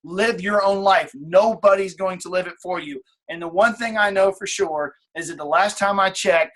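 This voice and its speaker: A man's voice: sits high, fairly bright tone. A man in his late thirties leading a motivational team call, blunt and casual, swearing freely and repeating his key points. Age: late 30s. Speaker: team leader on a coaching call.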